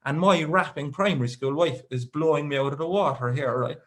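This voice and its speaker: A man's voice: fairly high pitch, brisk. Irish man telling rambling stand-up stories. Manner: rambling storytelling with dry asides. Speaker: stand-up comedian. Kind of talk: stand-up comedy set.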